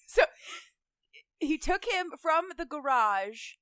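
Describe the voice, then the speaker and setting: High, lively woman co-host, dry sound. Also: no echo. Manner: reactive, quick interjections, laughs along. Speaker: podcast co-host. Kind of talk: casual podcast chat.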